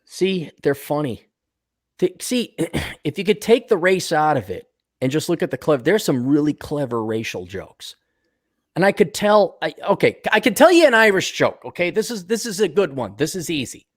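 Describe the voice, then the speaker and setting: Casting: lively, higher-voiced male co-host, rambling storyteller, dry close mic. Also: moderate pace, no room sound. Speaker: podcast co-host. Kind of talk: casual chat, joke-telling.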